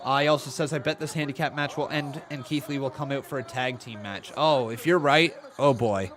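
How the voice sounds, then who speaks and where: A man hosting a casual live stream, reacting to the action, calling moves and counting along excitedly. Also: medium pitch, a little fast. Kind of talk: casual watch-along commentary.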